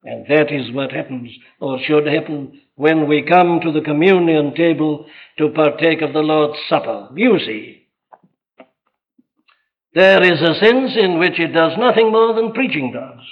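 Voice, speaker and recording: Speaking at a measured pace, a man with a high voice preaches earnestly, firing rhetorical questions and abruptly driving his points with more force. The audio sounds dull and lo-fi.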